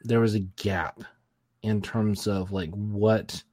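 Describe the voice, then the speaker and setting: A man co-hosting a podcast, chatting casually about old films, rambling through lots of fillers and breaking into animated mock impressions. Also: fairly low pitch, takes it slowly, dry recording, clean studio sound. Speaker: podcast co-host. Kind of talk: casual film-review chat.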